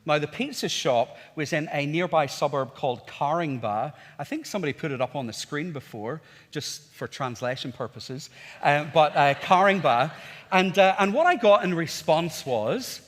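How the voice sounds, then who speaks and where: A man's voice: fairly high pitch, animated, moderate pace. A man in his forties with a Northern Irish accent, preaching a sermon in a conversational storytelling way, with rhetorical questions. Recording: reverberant church hall.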